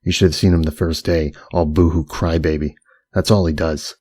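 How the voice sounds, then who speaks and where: A man's voice: very deep voice, steady tone, normal speed, dark tone, husky, no room sound, studio quality. A man doing a cocky, mouthy teenage runaway. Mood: cocky, mocking. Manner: cocky, needling, cuts in. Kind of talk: audiobook character voice.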